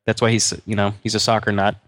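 A man's voice: on the low side, monotone, fast, a bit bright, no room sound, studio quality. A middle-aged man co-hosting a podcast in casual chat, rambling with many restarts and fillers. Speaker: podcast co-host.

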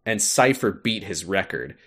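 A young man co-hosting a podcast, casually recapping a game's story with animated retelling and frequent laughter. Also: low voice, unhurried, slightly rough. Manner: animated storytelling, laughs often, acts out lines. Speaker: podcast co-host. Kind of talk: casual chat recapping a game.

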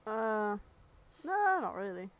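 A woman's voice: mid-range voice, very animated, slow pace. A woman co-hosting a casual podcast chat, chatty and giggly. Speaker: podcast co-host.

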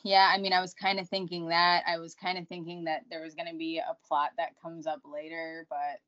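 A woman's voice: lowish voice, flat delivery, fairly quick, fairly bright tone, dull audio. A woman co-hosting a podcast in a casual chat, laid-back with brief replies. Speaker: podcast co-host.

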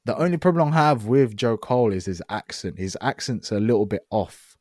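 A man's voice: on the low side, lively intonation, a little fast, darkish tone, dry recording, clean studio sound. A man chatting casually as a podcast co-host, rambling with lots of fillers and restarts. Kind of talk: casual chat.

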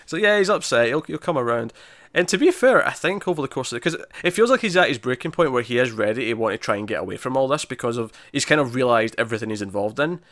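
A man recaps a TV episode in casual chat, jumping back into scenes with quick restarts and frequent laughter. His voice sits at an ordinary middle pitch. The recording is close and dry. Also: dry recording. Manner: animated retelling, laughs often, many restarts. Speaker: podcast co-host.

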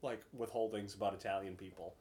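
A young man in casual chat, cracking quick jokes and swearing in easy banter. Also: fairly low pitch, steady tone, darkish tone.

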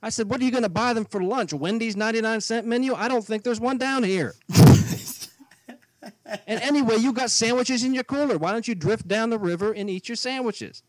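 A man's voice: very high voice, brisk. A man co-hosting a podcast, telling a story in casual chat and acting out both sides of an argument. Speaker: podcast co-host.

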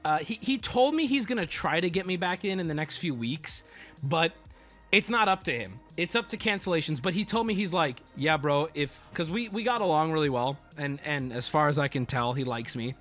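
Lively, bright-voiced male streamer. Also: on the high side, a little fast, faint music behind. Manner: animated, profane, acts out quoted people. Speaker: livestreamer. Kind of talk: casual storytelling to a stream audience.

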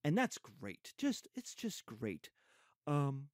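A male literature teacher with a high voice that leaps up and down as he explains. His manner is animated and conversational, and the sound is close and dry with no room echo. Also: slow pace. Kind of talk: literature lecture.

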